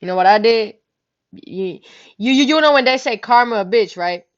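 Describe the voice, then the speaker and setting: A woman's voice: on the high side, lively intonation, normal speed. A woman telling a story in casual, rambling talk, full of slang and swearing, often tossing in "you know what I'm saying.". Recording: slightly muffled lo-fi recording.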